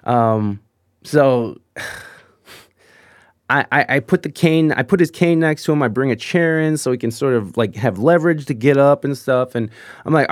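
A man telling a rambling, profane anecdote in a casual, animated way, with frequent restarts. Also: mid-range voice, normal speed, dry recording, clean studio sound. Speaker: storyteller.

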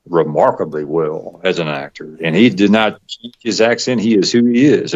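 A middle-aged man with a Georgia Southern accent, chatting casually as a guest, rambling with fillers and frequent chuckles. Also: deep voice. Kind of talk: casual interview chat. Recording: dull lo-fi recording.

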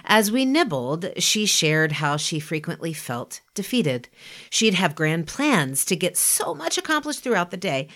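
A woman giving a scripted motivational talk, speaking in a lively, emphatic and conversational way. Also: on the low side, unhurried. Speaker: inspirational podcast speaker.

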